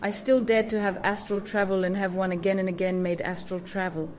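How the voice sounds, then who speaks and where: A woman speaks in a middle-pitched, everyday voice, hosting her own channel in a relaxed monologue. She stresses points by repeating single words, and her sentences come out a little awkward. A faint background noise sits under her voice. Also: brisk. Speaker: spiritual channel host. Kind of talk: casual explanatory monologue.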